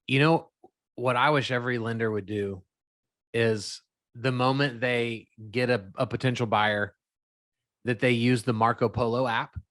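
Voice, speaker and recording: A man's voice: mid-range voice, fairly even intonation, a little slow, a bit bright, no room sound. Candid, opinionated man hosting a podcast. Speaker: podcast host. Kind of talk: casual podcast chat.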